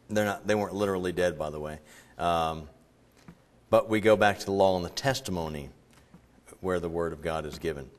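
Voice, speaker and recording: A man's voice: low voice, lively intonation, normal speed. Man preaching in a chatty, rambling way. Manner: conversational, digressive, breaks into loud acted quotes. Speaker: pastor. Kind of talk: sermon.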